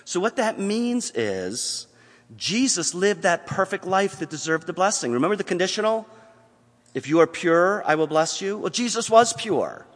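A man delivers a sermon as pastor, his voice fairly high for a man and swinging widely in pitch. He moves from quiet, earnest passages to emphatic appeals. The sound carries the long reverb of a church hall. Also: very animated, moderate pace. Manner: earnest preaching, shifting from hushed to emphatic.

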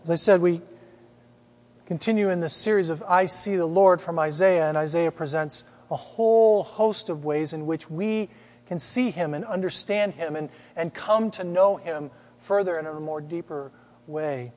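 A man's voice: on the high side, moderate pace, darkish tone, in a large hall. A man preaching a sermon as pastor, telling stories and asking emphatic rhetorical questions.

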